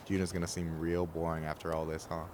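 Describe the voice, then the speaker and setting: A man's voice: low-pitched, completely flat delivery, brisk, noisy background, lightly acted. An actor playing a wry, loyal young man in a video game, talking in a casual, blunt, teasing way. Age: young adult. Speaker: game character.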